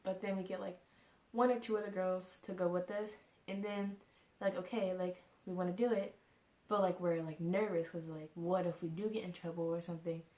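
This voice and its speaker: A woman's voice: lowish voice, steady tone, normal speed, darkish tone. A young woman vlogger telling a casual storytime, rambling and full of fillers like "like" and "you know". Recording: echoey room.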